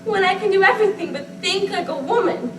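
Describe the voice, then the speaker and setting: A woman on a school stage playing a fragile, childlike grown daughter who pleads emotionally with a voice that keeps breaking, taken from a distant, echoey stage recording with clear hiss. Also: extremely high pitch, animated, fast. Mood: desperate. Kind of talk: amateur stage acting.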